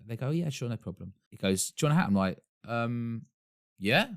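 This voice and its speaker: This podcast co-host from Essex, England, tells stories with enthusiasm and laughs often during a casual chat. His medium-pitched voice has lively intonation and a slightly fast pace, captured in clean studio sound with no echo.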